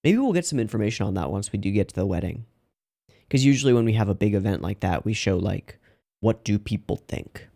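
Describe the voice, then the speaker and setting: Host masculino de react, voz grave, fala solta e divagante, com explosões de empolgação. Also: male voice, lowish voice, fairly quick, vocal fry. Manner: chatty, rambling, loud excited outbursts. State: yawning, sleepy. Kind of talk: casual reaction commentary.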